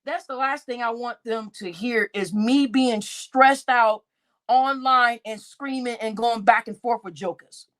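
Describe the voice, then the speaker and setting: A woman's voice: fairly high pitch, a little slow. A middle-aged woman chatting on a live stream, reading out chat names, laughing often and swearing freely.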